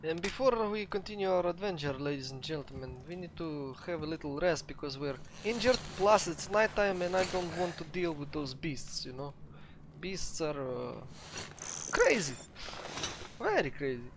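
A man with a Russian accent giving chatty, excitable let's play commentary to his viewers. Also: a little high, normal speed, background noise. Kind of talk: gameplay commentary.

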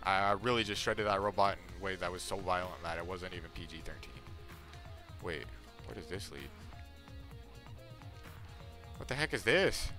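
A man commentating on a video game playthrough in a playful, jokey way with bursts of loud excitement. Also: sits low, moderate pace, pauses often, faint music behind. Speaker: gaming streamer. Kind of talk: let's play commentary.

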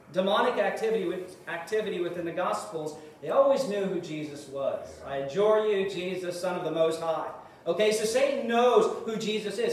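A man with a fairly high voice preaches in earnest, pushing hard on key words and then dropping almost to a murmur. He is picked up from some distance in a very echoey room. A faint hiss sits under the sound. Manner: earnest preaching, swings between loud emphasis and hushed asides. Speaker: pastor. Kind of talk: sermon.

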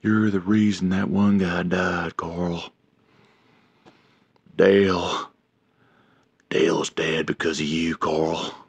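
Gravelly low-voiced man teasing his cat. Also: little pitch movement, slow, pauses often, no room sound, lo-fi sound. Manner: teasing, nagging, repeats himself. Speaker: pet owner filming his cat. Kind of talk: casual teasing vlog.

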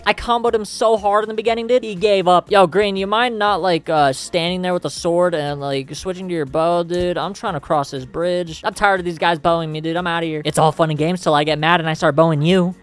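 A young man giving excited, trash-talking commentary over his own gameplay, laughing often. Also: sits high, a little fast, hardly any pauses, smooth. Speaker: gaming YouTuber.

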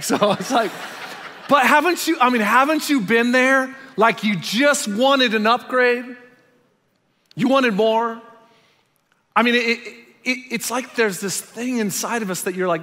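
A man delivers a sermon in a large church auditorium, and his voice sits fairly high. He acts out little quotes, jumping up loud and then dropping to a near hush. The sound rings with the long reverb of a big hall. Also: a little fast. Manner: animated storytelling, acts out quotes with big swings from loud to hushed. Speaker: pastor.

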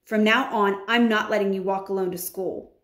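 A woman's voice: medium pitch, steady tone, normal speed, lightly acted. A woman voicing a protective, caring grandmother in a read-aloud story. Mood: firm, caring. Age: older. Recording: roomy echo.

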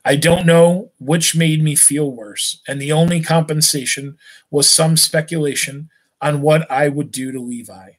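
Man reading a novel aloud, slightly high. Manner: steady, unhurried reading with small slips.

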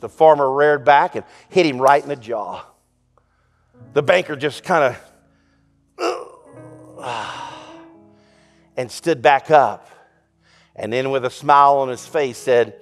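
A man preaching a sermon as pastor, telling a folksy joke story and speaking in a lively, conversational way. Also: medium pitch, a little slow, pauses often, soft background music. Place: church sanctuary.

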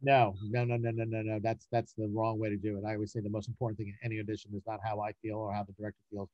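A man talking fast in a relaxed interview, a casting director who gets animated and repeats himself to drive a point home. His voice is mellow and dark. The sound is dull and dry. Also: lowish voice, dry recording. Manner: animated, emphatic, repeats words when making a point. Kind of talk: casual interview talk.

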